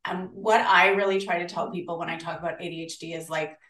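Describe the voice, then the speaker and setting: An Australian woman chatting as a podcast guest, animated and acting out the voices of people she quotes. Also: on the low side, fast. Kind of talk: casual interview chat. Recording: roomy, distant from the mic.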